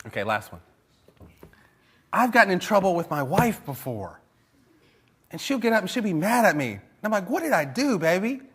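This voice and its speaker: A male pastor with a high voice preaches a sermon in church, telling stories at normal speed with long pauses and background noise audible. He's animated, laughs often, and acts out little conversations as he goes.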